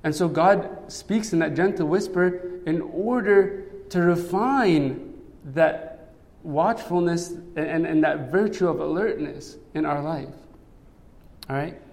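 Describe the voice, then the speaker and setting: A man's voice: a little high, takes it slowly, vocal fry, darkish tone. A man preaching a sermon in a conversational way, often checking in with "right?". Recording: long hall reverb.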